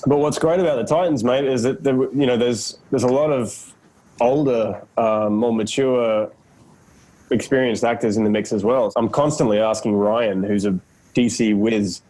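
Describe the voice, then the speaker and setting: A man's voice: medium pitch, fairly even intonation, moderate pace, warm tone, low-quality recording. An Australian man in his thirties, a guest in a casual interview on a video call, laid-back and self-deprecating, laughing often. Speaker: actor guest.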